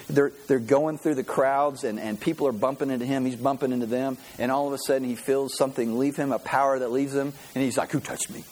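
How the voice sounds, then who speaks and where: A man preaching a sermon, telling stories with animated energy and acting out the voices. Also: mid-range voice, low-quality recording. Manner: animated storytelling, acts out voices. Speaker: pastor.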